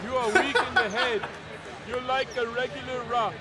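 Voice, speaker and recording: A man voicing a deadpan basketball player in a lip-reading parody dub, delivering absurd lines flatly. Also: very high voice, moderate pace, over a noisy crowd. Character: deadpan dubbed male basketball player, oddly wise and absurd. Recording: loud music over the voice.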